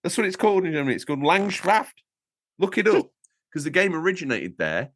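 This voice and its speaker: A man co-hosting a gaming podcast, bantering in a jokey, animated way and laughing at himself. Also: high voice, fast talker, no echo. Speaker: podcast co-host. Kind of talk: casual banter.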